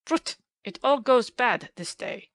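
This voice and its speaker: A woman's voice: very animated, moderate pace, no room sound. A woman reading an audiobook, voicing a kindly, stout, middle-aged German male professor with a big, emphatic voice. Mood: exasperated. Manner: loud, emphatic, big booming delivery.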